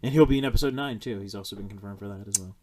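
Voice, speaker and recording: A young man hosting a podcast, chatting casually about a film in a blunt, profane, animated way. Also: on the low side, racing. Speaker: podcast host.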